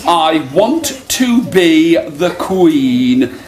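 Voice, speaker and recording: A man's voice: fairly high pitch, sing-song, over music, heavily acted. Man doing a bossy, greedy wife. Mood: demanding. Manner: slow, bossy, demanding. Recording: echoey live room with crowd noise.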